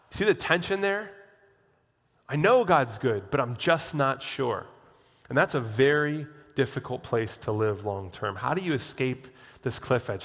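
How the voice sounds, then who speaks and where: A man's voice: fairly high pitch, long reverb tail. A man preaching a sermon as the pastor, telling a story and acting out what people think to themselves. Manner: animated storytelling preacher, acts out inner voices.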